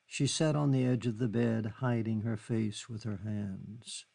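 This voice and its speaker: Gravelly male audiobook narrator. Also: on the low side, steady tone, unhurried, hardly any pauses, mellow. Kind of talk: scripted literary narration.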